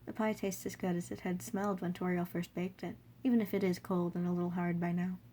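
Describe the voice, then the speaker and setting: A woman reading a fan story aloud in second person, soft, earnest and gently emotional. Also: on the low side, level tone, a little fast, a little hiss or hum. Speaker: fanfiction reader.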